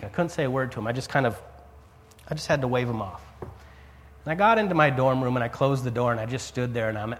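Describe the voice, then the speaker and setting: A man's voice: mid-range voice, fairly bright tone, long reverb tail. A man preaching, telling a personal story with frequent repeated words and sudden rises and drops in his voice. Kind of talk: sermon testimony.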